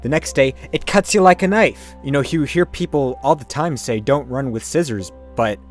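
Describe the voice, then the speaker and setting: A man's voice: mid-range voice, moderate pace, faint music behind. A man hosting a comedy vlog, talking into a webcam in his bedroom with melodramatic, over-sincere delivery. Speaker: comedy vlogger. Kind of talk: mock-earnest sketch monologue.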